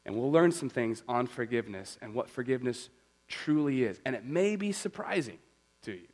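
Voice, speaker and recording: A male pastor preaching in an animated, storytelling manner. He keeps a conversational, everyday tone, with his pitch in a middle range. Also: moderate pace, low-quality recording. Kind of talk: sermon.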